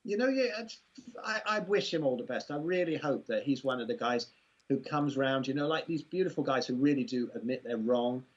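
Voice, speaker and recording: Englishman, husky voice, rambling chatty interview guest on a muffled lo-fi recording. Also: medium pitch, animated, fairly quick. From England. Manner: rambling, amused, full of "you know" asides. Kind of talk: casual conversational interview.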